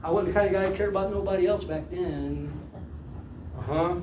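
High-voiced pastor, animated storyteller. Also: male voice, a little fast, a little hiss or hum. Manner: animated storytelling, laughing and shouting quoted lines. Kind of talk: sermon testimony. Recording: echoey room with faint ambience.

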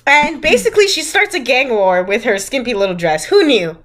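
A woman's voice: fairly high pitch, big pitch swings, brisk, fairly bright tone. A young woman co-hosting a casual podcast, sarcastically recapping a movie's plot, laughing often and acting out the characters' lines. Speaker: podcast co-host.

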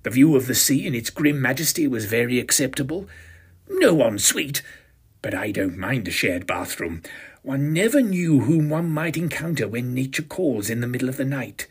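A man's voice: mid-range voice, sing-song, moderate pace, slightly rough. A man in his fifties narrating a first-person audio drama with a pompous, self-satisfied, arch manner. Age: 50s.

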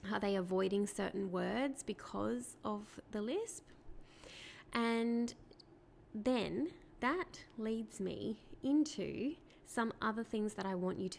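A woman speech therapist explaining to parents in a clear, patient teaching talk, asking rhetorical questions along the way. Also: medium pitch, slight background noise.

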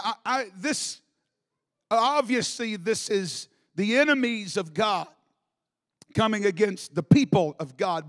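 A male preacher giving a live sermon in a church, moving from quiet teaching to shouted exhortation. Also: high voice. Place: church in Alabama.

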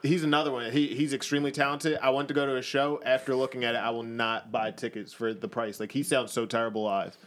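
A man's voice: medium pitch, fairly even intonation, fast, hardly any pauses. Rambling profane young podcaster, man. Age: young adult. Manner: rambling, profane, full of restarts and quoted asides. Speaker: podcast co-host. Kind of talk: casual chat. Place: basement home studio.

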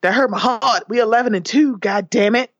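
Woman podcast guest, animated and profane, fairly high voice, dry sound. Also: normal speed, no room sound, lo-fi sound. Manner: animated, swearing, laughs often. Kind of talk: casual chat.

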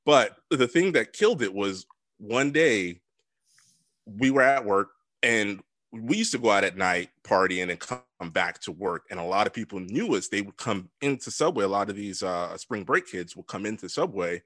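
A man in his twenties telling a story in casual chat, animated and profane. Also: on the low side, moderate pace, no room sound, studio quality.

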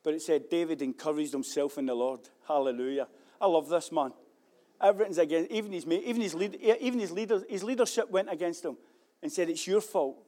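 A preacher with a notably high voice delivers a sermon. He swings between loud, fervent declarations and quieter, reflective passages, and he repeats his key phrases for emphasis. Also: brisk. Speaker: pastor.

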